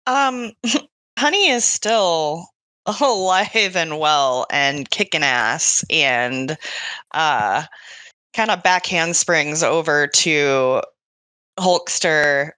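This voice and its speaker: Woman, tabletop player, low pitch, slow and bright, dry close sound. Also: clear, resonant tone, dry recording. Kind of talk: tabletop game play.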